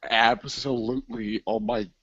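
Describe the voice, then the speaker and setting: A man in casual movie chat, crude and joking, acting out scenes in quick voices. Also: mid-range voice, big pitch swings, gravelly, a bit bright. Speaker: co-host. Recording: dull lo-fi recording.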